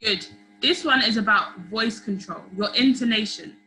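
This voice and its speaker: A young woman leading a public speaking workshop over a video call, lively and encouraging, often asking the group questions. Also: fairly high pitch, moderate pace. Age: young adult. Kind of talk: online seminar teaching. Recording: roomy video call audio.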